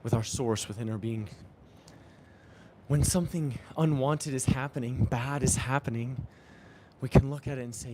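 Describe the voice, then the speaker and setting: A man's voice: mid-range voice, moderate pace, warm tone, a little hiss or hum. A young man talking earnestly and reflectively while riding a bike outdoors in the rain, often repeating phrases to himself. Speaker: vlogger. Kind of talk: reflective spiritual vlog.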